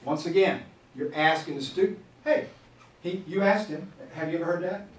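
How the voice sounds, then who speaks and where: A man in his fifties gives a lively classroom management workshop, his voice a little high and lively as he acts out scolding teachers and students. He is recorded from a distance in a roomy, echoing space, with faint noise underneath. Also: moderate pace. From Florida, USA. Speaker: teacher trainer. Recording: echoey room, distant mic, faint noise.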